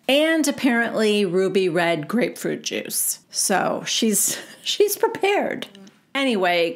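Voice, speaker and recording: A woman hosting her own recap show, chatting casually and retelling reality TV gossip by quoting the cast in her own voice. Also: fairly high pitch.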